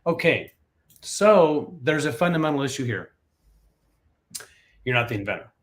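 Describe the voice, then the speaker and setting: A man hosts a live question show. His voice sits at an ordinary middle pitch, and he reads the viewers' questions aloud in a lively, joking way. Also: moderate pace. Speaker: patent attorney host.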